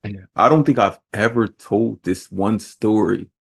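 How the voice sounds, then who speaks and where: A man hosts a podcast in a casual conversation. His voice is fairly low. He talks thoughtfully and often restarts his sentences. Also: unhurried, creaky, slightly rough. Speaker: podcast host.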